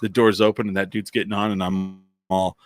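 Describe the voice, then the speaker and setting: Laughing, deep-voiced man telling stories. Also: level tone, brisk. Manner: laughs often while telling stories, loose and profane. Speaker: podcast co-host. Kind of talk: casual storytelling chat.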